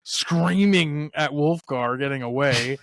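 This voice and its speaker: A man's voice: a little high, slow pace, a bit bright, no room sound, studio quality. A man hosting a casual movie-review podcast, rambling and swearing as he retells scenes. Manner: rambling, swearing, acts out lines with laughs. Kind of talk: casual chat.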